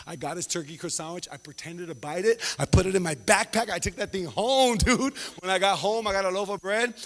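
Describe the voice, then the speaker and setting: Animated comic man in a reverberant hall. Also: sits high, a little hiss or hum. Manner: animated, slangy, acts out characters in quick asides. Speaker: stand-up comedian. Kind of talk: stand-up comedy storytelling.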